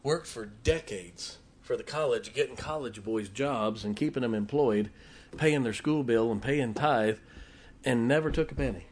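A man preaching a sermon, swinging between quiet asides and forceful scripture reading. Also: mid-range voice, normal speed, slightly rough. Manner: folksy, emphatic, reads scripture aloud with rising force.

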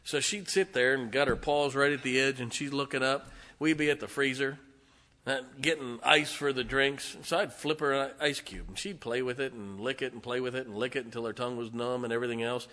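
Folksy preacher man, bright voice. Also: mid-range voice, brisk. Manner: folksy storytelling, swings from hushed to loud emphatic preaching. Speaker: pastor. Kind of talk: sermon.

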